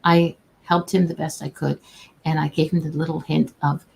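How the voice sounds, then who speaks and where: Streaming from her own camera, a woman who works in customer service offers casual advice in a low, level voice with vocal fry at normal speed. Her manner is warm, folksy and chatty, with frequent restarts, over a low-quality recording with slight background noise.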